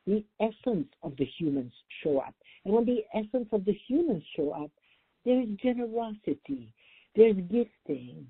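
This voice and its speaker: An older woman therapist telling a story as a radio interview guest, animated and warm. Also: medium pitch, breathy edge, dry recording. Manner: warm, animated storytelling, acting out quoted voices. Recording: dry, phone-like radio line.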